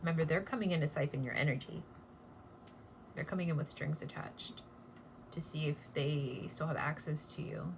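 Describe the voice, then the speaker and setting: Low-voiced blunt woman reading tarot. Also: moderate pace, background noise. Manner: blunt and chatty, swears casually. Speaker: tarot reader.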